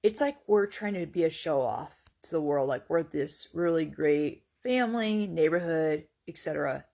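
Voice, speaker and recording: This vlogger shares personal reflections in a low, creaky, mellow voice with lively intonation and a moderate pace. Her casual monologue is earnest and faith-centered, but hesitant and rambling, full of fillers and restarts.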